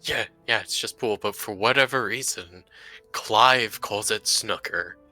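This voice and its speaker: A man playing in a live-streamed tabletop role-play, jokey and quick to laugh. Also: fairly low pitch, pushed and bright, faint music behind. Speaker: player.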